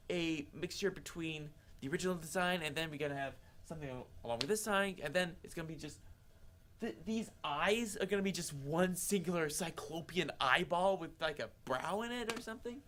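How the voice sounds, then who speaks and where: A man's voice: high-pitched, fairly bright tone. A young man co-hosting a campus TV show, giving an exasperated, indignant rant of a film review full of restarts. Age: young adult.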